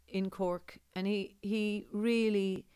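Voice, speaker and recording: A woman with a deep voice, a singer talking in an interview in a rambling, digressive way. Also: little pitch movement, takes it slowly, mellow, smooth, dry recording. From Ireland. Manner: rambling, digressive, laughs often. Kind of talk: conversational interview.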